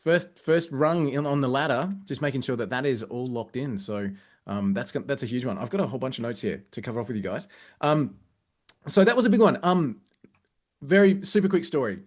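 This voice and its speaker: An Australian man, a company growth director, telling casual anecdotes in a lively, chatty way with plenty of fillers and restarts. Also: mid-range voice, a little fast.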